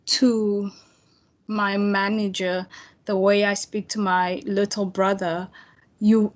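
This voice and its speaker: A young woman leads an online tutorial, talking to her students in a relaxed, chatty way over a computer microphone. She often restarts her sentences and fills pauses with "um" and "right". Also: medium pitch. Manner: casual, chatty, many fillers and restarts. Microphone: computer mic on video call.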